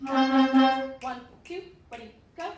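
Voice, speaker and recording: A woman's voice: sits high, measured pace, over music. A woman teaching a school band in rehearsal, encouraging and singing out rhythms for the players. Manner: upbeat, encouraging, sings rhythms. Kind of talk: rehearsal instruction. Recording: echoey room, distant mic. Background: band instruments playing.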